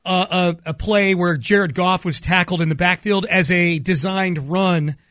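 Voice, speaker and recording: A man hosting a sports radio show, upbeat and storytelling, slowing down on key words. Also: high voice, fairly even intonation, a bit bright, dry recording, clean studio sound. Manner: upbeat, storytelling, slows for emphasis. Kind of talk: casual sports radio talk. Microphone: studio microphone.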